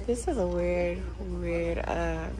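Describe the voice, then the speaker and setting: A woman's voice: on the low side, takes it slowly, music in the background, poor audio. A woman vlogging casually as she walks through a store, chatting and gushing over holiday decor and reading signs aloud. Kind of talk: casual shop-along vlog. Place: inside a store.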